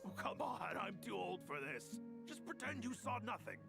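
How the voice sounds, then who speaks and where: A sheepish older uncle from a video game. He sounds gravelly and evasive, like someone caught hiding something. His voice sits high and swoops up and down. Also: very animated, normal speed, over loud music, heavily acted. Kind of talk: game character dialogue.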